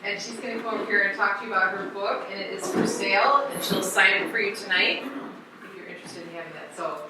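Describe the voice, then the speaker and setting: A woman's voice: medium pitch, quick pace. Woman introducing a speaker in an echoey hall. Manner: welcoming, announcing. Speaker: event host. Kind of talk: event introduction. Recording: echoey hall, distant mic, crowd behind.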